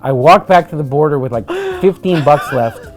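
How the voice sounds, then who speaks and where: A middle-aged man from Los Angeles telling a wild true story over drinks, loud and profane, laughing as he goes. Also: a little high, moderate pace, faint music behind. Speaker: guest.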